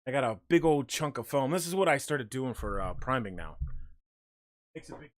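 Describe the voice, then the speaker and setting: A man's voice: medium pitch, big pitch swings, moderate pace. A young man hosting a livestream, chatting casually with viewers and rambling while he paints figures, a little out of breath. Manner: rambling, talks while working, greets chat by name.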